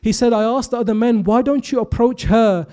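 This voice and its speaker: A man's voice: very high-pitched, a little fast, warm tone, clean tone. A young man delivering an emotional religious sermon, telling stories with quoted dialogue and rising to impassioned intensity. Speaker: speaker at a youth majlis.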